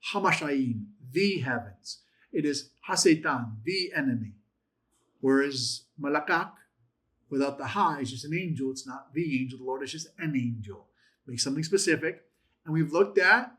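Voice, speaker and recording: A man's voice: on the high side, a bit bright. Encouraging man teaching a Bible class. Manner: conversational, encouraging, jokes with the class. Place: church classroom.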